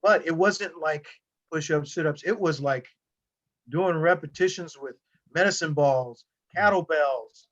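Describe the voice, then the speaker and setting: Man, wrestling coach, podcast guest, rambling casual storytelling, fillers and restarts, somewhat high pitch, dull lo-fi sound. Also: a little slow, a bit bright.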